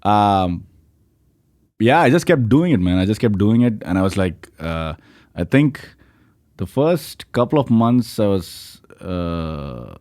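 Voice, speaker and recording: A man with an Indian accent spins loose, rambling stories from his comedy past, as a guest on a podcast. His voice sits on the low side. He fills his sentences with "like" and "you know". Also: very animated, slow pace, darkish tone, no room sound, clean studio sound. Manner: rambling, filler-heavy, with lots of "like, you know". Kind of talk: casual storytelling chat.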